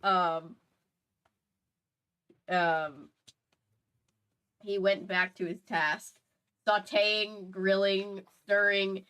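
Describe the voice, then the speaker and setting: A woman's voice: mid-range voice, level tone, very slow, pauses often, fairly bright tone, smooth, rough recording. A woman hosting a stream, reading fan fiction aloud with a playful manner, laughing and stumbling and adding asides as she goes. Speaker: host.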